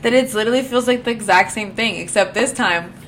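A woman's voice: fairly high pitch, fast talker, fairly bright tone, slight background noise. A young adult woman co-hosting a podcast, talking casually with lots of filler words and slang. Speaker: podcast co-host. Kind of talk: casual chat.

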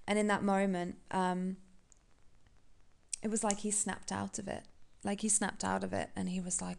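A woman hosting a podcast, telling a painful personal story in a candid, halting, emotional way. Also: medium pitch, little pitch movement, vocal fry. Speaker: podcast host.

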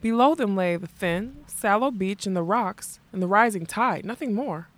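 A woman narrating a fantasy novel in a measured, expressive storytelling voice. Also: mid-range voice, dry recording. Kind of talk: audiobook reading of a fantasy novel.

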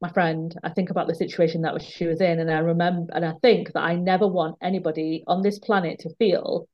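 A woman's voice: on the low side, level tone, fast talker. A woman, a guest who runs her own company, telling candid stories of speaking up at work, acting out what people said. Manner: emphatic, recounting confrontations with quoted dialogue. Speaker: guest, business owner. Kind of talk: candid storytelling in conversation. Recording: dull lo-fi sound.

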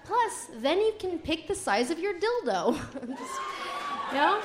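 Lively, giggly woman telling a stage story. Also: very high-pitched, a little slow, background noise. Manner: animated, giggly, acts out friends' voices. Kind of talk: comedic live storytelling. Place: live stage with an audience.

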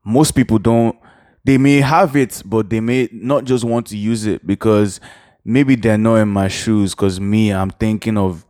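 A man from Nigeria talks in a relaxed way as a podcast guest. His voice sits fairly low. The sound is dry and close, with no room echo. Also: measured pace. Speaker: guest musician. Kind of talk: casual podcast chat.

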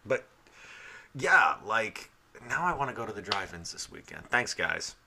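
A man's voice: fairly low pitch, sing-song, measured pace, creaky, sharp tone, slight background noise. A man in his thirties co-hosting a podcast, telling stories in a joking, profane, casual way. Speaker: podcast co-host. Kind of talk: casual chat.

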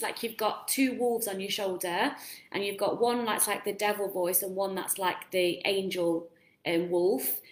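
Frank woman coaching, roomy echo. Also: mid-range voice. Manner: direct, asks the viewer questions, casual swearing. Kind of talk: live-streamed motivational talk.

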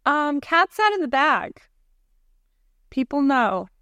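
A young woman co-hosts a casual podcast, joking and teasing her friend. Her voice sits a little high. The sound is dry and close to the mic. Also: big pitch swings, slow, pushed and bright, no room sound. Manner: teasing, playful. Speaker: podcast co-host. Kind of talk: casual chat.

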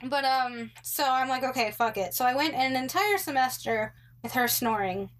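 A woman's voice: sits high, normal speed, a bit bright. A young woman casually telling a story about a roommate, full of "like" and "um", with sarcastic asides. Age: young adult. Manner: chatty, many likes and ums, sarcastic asides.

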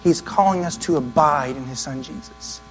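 A man preaching a sermon in an earnest, conversational way, now and then acting out quick asides. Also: on the high side, slight background noise, low-quality recording. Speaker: pastor.

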